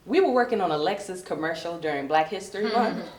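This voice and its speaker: A woman's voice: quick pace, echoey room. Brassy Southern woman doing stand-up. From Virginia, US South. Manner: brassy, animated, puts on high posh voices for coworkers. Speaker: stand-up comedian. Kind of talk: stand-up comedy set.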